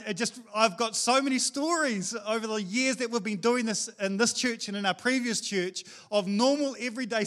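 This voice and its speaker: A middle-aged man, preaching a sermon in a casual, animated storytelling way with slang. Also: high-pitched. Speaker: pastor.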